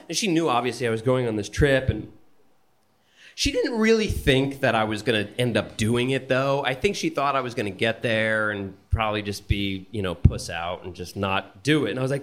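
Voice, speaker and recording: A man telling a personal story on stage at a live event, animated and profane, often laughing as he talks. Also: medium pitch, moderate pace.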